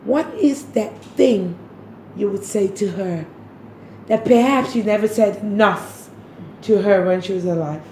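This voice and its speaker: A woman hosting an interview, asking measured questions with frequent fillers. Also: medium pitch, dark tone. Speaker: interview host. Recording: roomy with faint noise.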